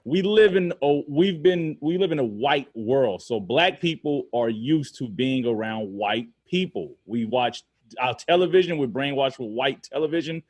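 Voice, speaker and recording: A man co-hosting a podcast, talking casually in an earnest, halting way as he searches for his words. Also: medium pitch, expressive, a little mellow, no room sound. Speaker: podcast co-host.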